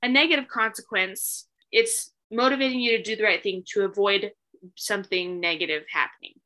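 A woman's voice: mid-range voice, fairly quick, sharp tone, rough recording. A young adult woman co-hosting a podcast in casual chat, upbeat and agreeable. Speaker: co-host, host's daughter.

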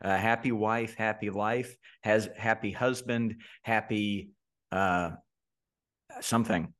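Laid-back man with a low voice. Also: fairly even intonation, slow pace, fairly bright tone. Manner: laid-back storyteller, many fillers and restarts. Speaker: podcast co-host. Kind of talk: casual podcast chat.

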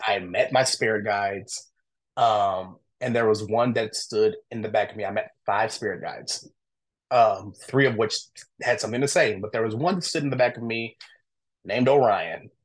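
Man telling a story with animated, casual energy. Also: on the low side. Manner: animated, acts out quoted dialogue; candid, informal, with frequent fillers like "I'm like". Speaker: podcast guest.

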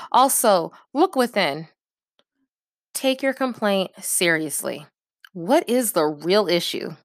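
A woman's voice: medium pitch, a bit bright, no echo, studio quality. A woman giving casual, direct advice in a coaching manner, often checking in with her listeners. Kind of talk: casual advice talk to camera.

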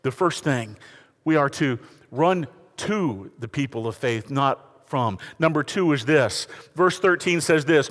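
A man preaching a sermon with a notably high, animated voice that swoops from hushed lows to emphatic highs. His words ring out in a large hall with a long reverb tail behind them. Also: unhurried. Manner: preaching with lively rises and falls, addressing the congregation. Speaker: pastor.

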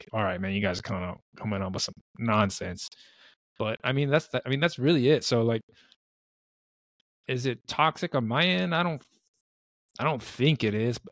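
Male co-host, mid-pitched, easygoing and rambling, dry close sound, casual chat. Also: moderate pace, a bit bright, dry recording. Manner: easygoing, rambling, acts out quotes. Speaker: podcast co-host.

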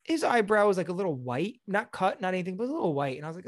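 Animated, profane young man telling a story. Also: high-pitched, rapid-fire, dry recording, clean studio sound. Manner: animated, profane, acts out quotes. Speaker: podcast co-host. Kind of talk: casual chat, storytelling.

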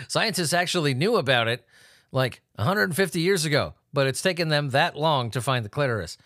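A man's voice: on the high side, expressive, moderate pace, a bit bright, no echo, studio quality. A man hosting a comedic news commentary, swearing, laughing and making sarcastic asides. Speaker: host.

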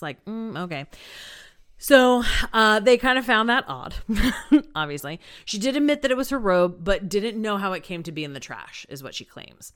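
A woman's voice: mid-range voice, animated, normal speed, fairly bright tone, clear, resonant tone. A woman hosting a podcast, casually retelling a true crime case with lots of "um" and "like". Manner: chatty, many fillers like "um" and "like".

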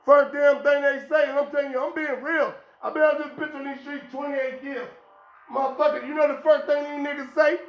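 In an echoey room, a man with a very high-pitched, steady voice hosts his own podcast and delivers a brisk, unscripted street-talk rant, lecturing bluntly and profanely. The highs in the audio are cut off.

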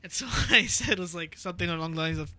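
A man's voice: sits high, quick pace, bright, forceful tone. A man in casual chat, laughing often and stammering through comic bits.

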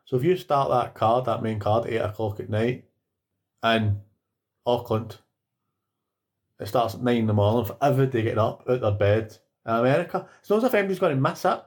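A man's voice: mid-range voice, fairly quick. A man with a Scottish accent, co-hosting a podcast and ranting bluntly with plenty of swearing in casual chat about fights. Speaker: podcast co-host.

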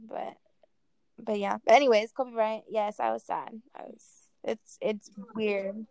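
A woman's voice: fairly high pitch, fairly even intonation, a little slow, creaky, a little mellow, no room sound. A young woman co-hosting a casual chat, talking in a laid-back, wry way with lots of fillers.

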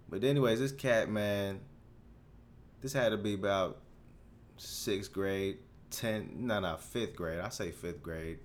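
A man in his twenties hosting a solo podcast, rambling through a story in a casual, profane, animated way, full of restarts. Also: deep voice, a little hiss or hum. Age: 20s. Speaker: podcast host.

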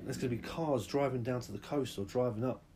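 A man's voice: mid-range voice, brisk, background noise. A young man hosting a podcast, ranting through a profane, rambling comic monologue that keeps escalating. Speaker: podcast host.

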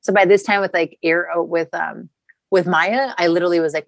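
A chatty woman in her thirties tells a long personal story with casual swearing. Her voice sits low and the sound is dry and close, with no room around it. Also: steady tone, fast, no echo, poor audio. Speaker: podcast guest.

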